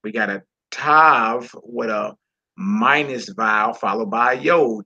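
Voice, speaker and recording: A man's voice: medium pitch, a little slow, bright, forceful tone, lo-fi sound. A man teaching a reading lesson, patient and encouraging, repeating words and checking in with the learner often.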